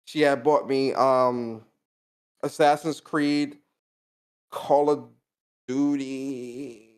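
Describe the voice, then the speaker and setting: A man's voice: medium pitch, fairly even intonation, drawn-out words, smooth. A young man co-hosting a podcast, telling a personal story in casual slangy chat, laughing often. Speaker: podcast co-host.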